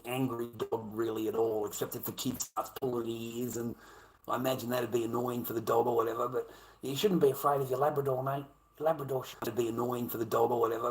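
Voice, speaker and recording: A man's voice: medium pitch, a bit bright, low-quality recording. A middle-aged Australian man talking on his livestream, swearing a lot and rambling with many repeats. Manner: profane, rambling, repeats himself. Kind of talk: casual livestream rant.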